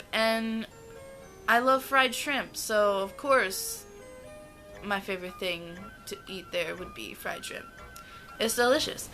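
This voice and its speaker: Young woman from the US, casual vlog, gushing and enthusiastic, bright voice, fairly high, faint music underneath. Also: low-quality recording. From United States. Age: young adult. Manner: gushing, enthusiastic, drawn-out words. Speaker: vlogger.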